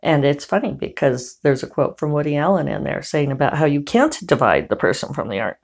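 A woman's voice: low voice, sing-song, fairly quick, gravelly. A woman novelist chatting casually to her viewers in a wry, rambling way, with many fillers. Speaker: novelist and vlogger. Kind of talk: casual chat to camera.

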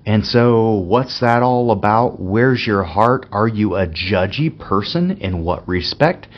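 A man's voice: lowish voice, animated, slow pace. A man hosting an unscripted devotional talk as a pastor, telling stories candidly and laughing often. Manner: candid, chatty storytelling with frequent laughs. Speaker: podcast host, pastor. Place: Spokane area. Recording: dull lo-fi recording with faint music.

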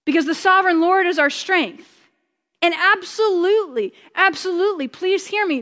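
A woman preaching a conversational sermon, chatty and joking, slowing down for emphasis. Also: very high-pitched, fairly bright tone, long reverb tail.

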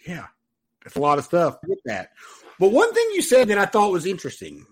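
A man with a Southern US accent hosting a podcast with energetic, hyped-up salesman delivery. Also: high voice, fairly quick, breathy edge. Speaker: podcast host.

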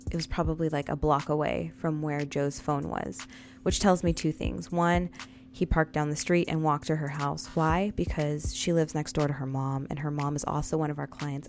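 Casting: woman in her thirties with a low voice, casual confessional storyteller who keeps talking straight to viewers, faint music behind. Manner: addresses viewers often, repeats lines for emphasis.

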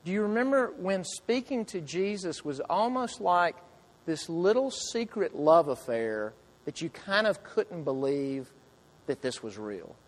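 A man preaching a sermon to his congregation, earnest, asking the listeners question after question and dropping to soft, quiet lines. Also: sits high, sing-song, unhurried. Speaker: pastor.

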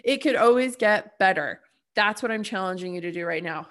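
A woman hosts her own podcast, delivering a casual spiritual monologue in a lowish, fairly bright voice at a brisk pace. She is chatty, blunt and cheerfully profane, filling her talk with "like" and "you know."

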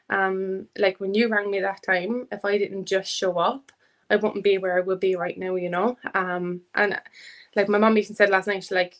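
Woman on a podcast, chatty, laughs a lot, acts out quotes. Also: medium pitch. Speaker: fitness academy student, guest. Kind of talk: casual podcast chat.

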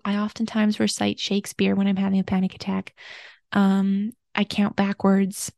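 A woman hosting her own podcast, talking gently and earnestly through a personal, confessional reflection at home. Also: mid-range voice, monotone, moderate pace, vocal fry, no room sound, clean studio sound. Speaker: podcast host.

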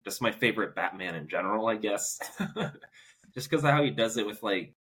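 A man's voice: lowish voice, lively intonation, moderate pace, a bit bright, slight background noise. A man co-hosting a podcast, chatting casually about a film in a rambling way with many fillers. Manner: rambling, lots of "like" fillers, laughs often. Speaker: podcast co-host. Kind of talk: casual movie review chat.

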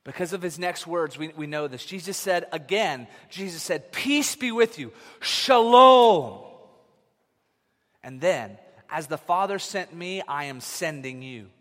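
A man in his thirties preaching a sermon, telling stories in an animated way that swings from loud to hushed. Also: a little high, moderate pace, few pauses. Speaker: pastor. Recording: long reverb of a large hall.

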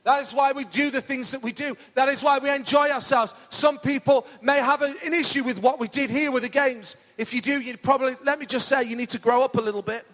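A middle-aged pastor preaching an enthusiastic, pumped-up sermon in a church hall. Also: male voice, very high voice, steady tone, fairly quick, hardly any pauses, fairly bright tone.

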